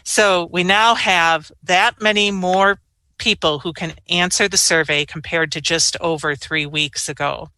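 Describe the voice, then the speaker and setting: A middle-aged woman, a state health official, delivering prepared briefing remarks in a measured, explanatory way. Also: fairly low pitch, steady tone, sharp tone, clear, resonant tone, no room sound.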